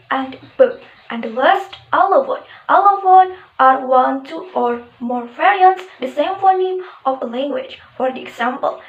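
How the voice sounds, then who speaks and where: A young woman with a high voice reads a class presentation steadily from her notes. The recording sounds muffled and echoes around the room. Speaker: student presenter.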